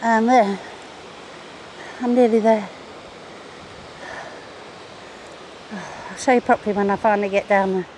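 A woman's voice: mid-range voice, steady tone, a little fast, noisy background. An older woman vlogging casually as she scrambles through a rocky gorge outdoors, chatting to the camera as she goes. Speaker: travel vlogger. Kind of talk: casual hiking commentary.

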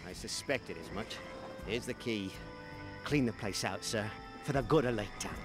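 A man voicing a warehouse owner in a fantasy video game, measured and matter-of-fact. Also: on the low side, close to an everyday voice. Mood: knowing. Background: game music.

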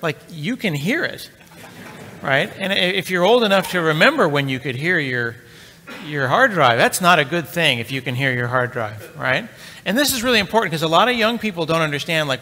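A middle-aged man on stage, a bit high-pitched, with a bright and forceful voice. He tells a tech story in a chatty, joking way and talks straight to the audience. His voice rings with the long reverb of a large conference hall. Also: lively intonation, moderate pace, a little hiss or hum. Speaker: conference speaker. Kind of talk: live tech talk, anecdotal storytelling.

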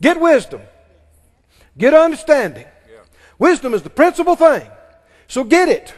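A man's voice: extremely high pitch, very animated, measured pace. A man preaching a sermon emphatically and leading his congregation in call-and-response. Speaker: pastor. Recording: long reverb of a large hall.

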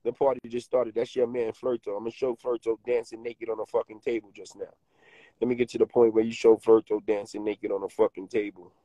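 A man's voice: on the low side, level tone, brisk, warm tone, no room sound, rough recording. A man doing mocking, taunting roast commentary on a stream, laughing at his target.

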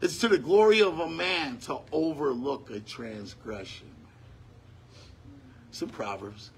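A man preaching a sermon in a conversational way, breaking into shouts on key lines. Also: fairly high pitch, unhurried, slightly rough.

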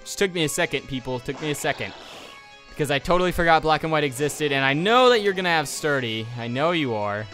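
Bright-voiced young man ranting over a game. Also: fairly high pitch, animated, fast, soft background music. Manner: exasperated, ranting, talks to the game characters. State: sniffly nose. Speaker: let's play commentator. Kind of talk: casual gameplay commentary.

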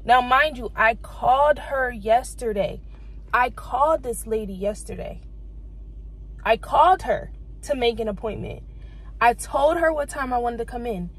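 A woman's voice: a little high, breathy edge, rough recording. A young woman, venting exasperated rants to her vlog camera from her car. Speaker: vlogger.

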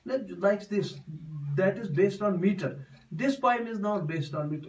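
A man's voice: high voice, a little slow, darkish tone, recorded from a distance, low-quality recording. A man giving a classroom poetry lesson, explaining step by step and repeating himself often. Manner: repetitive, explains step by step with many restarts. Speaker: teacher.

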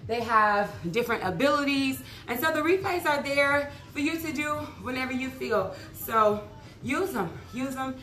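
A woman fitness instructor with a hoarse voice, chatting casually and upbeat to her viewers after a workout and drifting into preachy testimony. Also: fairly high pitch, pushed and bright, echoey room.

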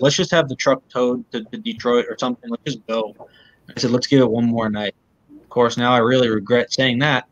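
A man being interviewed, retelling events in a halting way and often repeating words. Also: medium pitch, muffled recording. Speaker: interview guest.

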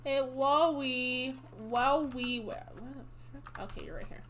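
A woman's voice: high voice, a little slow, a bit bright, slight background noise. A woman streamer chatting casually while playing a game, reading text aloud and talking to herself. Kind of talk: casual gameplay commentary.

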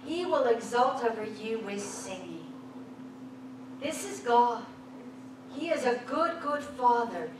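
A woman preaching a sermon in a church, exuberant and often laughing as she rises toward a near-shout. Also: fairly high pitch. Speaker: guest preacher. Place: church sanctuary. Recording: echoey church hall, distant mic, background noise.

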